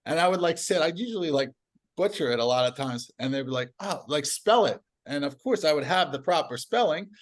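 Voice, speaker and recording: A man telling stories as a podcast guest in casual conversation, animated and laughing often. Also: a little high, quick pace.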